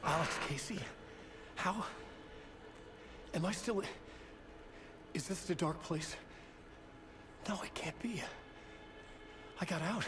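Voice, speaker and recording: A man's voice: high-pitched, slow pace, pauses often. An actor playing a confused, shaken middle-aged male writer who stammers and sounds breathless. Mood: dazed.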